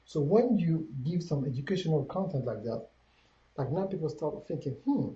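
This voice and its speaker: A man's voice: on the high side, expressive, normal speed, dark tone, dull audio. French-accented man coaching in an echoey room. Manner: preachy, repeats key points, enumerates steps. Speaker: online business coach. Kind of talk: livestreamed teaching talk.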